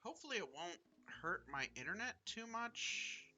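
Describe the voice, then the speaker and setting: A man streaming a game live, chatting casually in an excitable, rambling way, with frequent swearing and fillers. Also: high-pitched, moderate pace.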